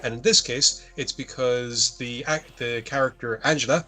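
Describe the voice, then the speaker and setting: A man's voice: mid-range voice, fairly even intonation, moderate pace, pushed and bright. A man co-hosting a podcast, rambling and swearing as he recaps a horror film. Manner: rambling, profane, self-correcting. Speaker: podcast co-host. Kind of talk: casual chat, recapping a film.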